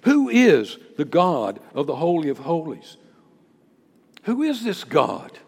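An impassioned male pastor preaching in a church sanctuary, his slightly high voice swinging from near-whispers to forceful cries. The sound rings out with the long reverb of a large hall. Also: wildly swooping pitch, slow pace, vocal fry, husky. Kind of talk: sermon.

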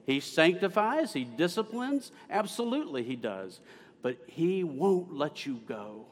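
A man's voice: fairly high pitch, big pitch swings, unhurried. Emphatic male pastor in an echoing hall. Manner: emphatic, swells to loud stresses. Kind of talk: sermon. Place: church sanctuary. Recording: long hall reverb.

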